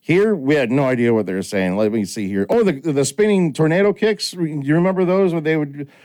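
A man's voice: on the high side, brisk. A middle-aged man hosting a casual chat, telling stories and acting out quoted lines. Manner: animated storyteller, acts out quoted lines. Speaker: podcast host.

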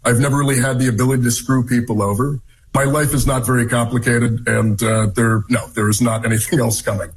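A man, a political candidate, answering interview questions in a measured, defensive way. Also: medium pitch, steady tone.

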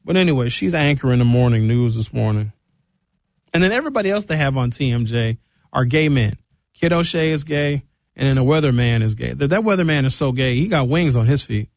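A man hosting a talk radio show from a studio, ranting in an opinionated monologue and mocking people with high comic voices. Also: expressive, brisk, no room sound.

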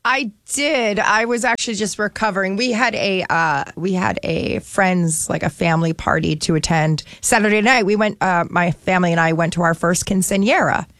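A woman's voice: mid-range voice, moderate pace, hardly any pauses, fairly bright tone, no room sound, clean studio sound. A woman from New Jersey, co-host on a radio talk show, telling stories in a chatty, giggly way full of fillers like "like" and "um". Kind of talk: casual chat.

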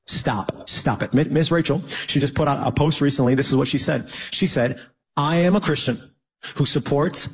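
A man's voice: mid-range voice, a little mellow, slightly rough. A male preacher speaking in a stern, warning tone to parents. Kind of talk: preaching to camera.

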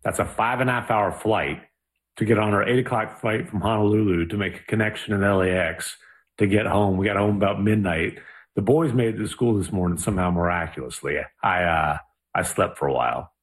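A man co-hosting a podcast in a relaxed, good-humored way. His voice sits fairly low and he explains things calmly and at length. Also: a little fast. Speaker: podcast co-host. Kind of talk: casual chat.

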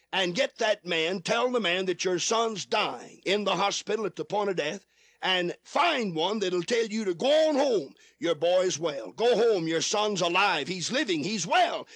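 Male radio preacher, fervent and repetitive, high animated voice, slow deliberate delivery, dry studio sound. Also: no room sound. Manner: fervent, repetitive, rising to shouts. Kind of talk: radio sermon.

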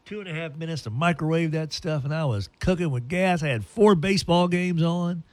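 A man hosting a radio show, telling a long funny story with playful, animated delivery and silly put-on voices. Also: a little high, fairly quick, no echo.

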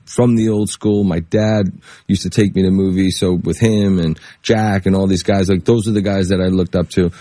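A man being interviewed as a guest actor, telling lively anecdotes full of fillers and acted-out quotes. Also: low-pitched, normal speed, no room sound. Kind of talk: casual interview storytelling.

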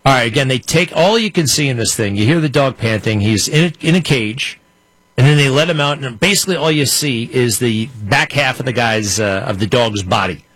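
A man with a bright, sharp edge and a husky grain to his voice, talking casually and skeptically over footage he is playing. The sound is dry and close. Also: mid-range voice, fairly quick, no room sound. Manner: skeptical, talks back at the footage. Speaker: commentator host. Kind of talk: casual commentary over played clips.

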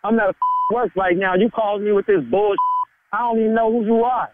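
An angry man argues over a tinny phone line that carries loud noise. His voice is high and swings widely in pitch as he rattles off fast, defiant curses. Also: huge pitch swings. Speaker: prank call target. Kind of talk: heated phone argument.

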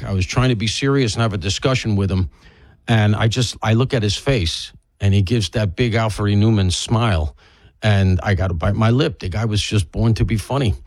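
A man's voice: lowish voice, no echo. A man hosting a talk radio show as a fill-in, rambling with wry, self-deprecating humor and sounding congested from allergies. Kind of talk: conversational talk radio monologue. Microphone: studio broadcast microphone.

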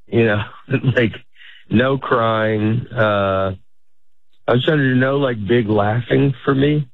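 Over a tinny, phone-like recording with no room sound, a middle-aged comic talks loosely in an interview. He speaks slowly in a mid-range voice with vocal fry, wandering off, starting sentences over, and laughing often.

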